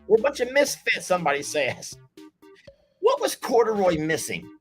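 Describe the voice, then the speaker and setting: A man's voice: sits high, wildly swooping pitch, normal speed, soft background music. A man hosting a live game night stream, chatting in a folksy way and reading viewer comments aloud. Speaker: livestream game host.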